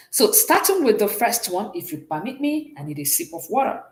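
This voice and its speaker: A woman's voice: on the high side, very animated, moderate pace, a little mellow, echoey room, rough recording. A woman teaching a beginners' French class, who patiently explains, repeats and checks that students follow. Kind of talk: classroom language lesson.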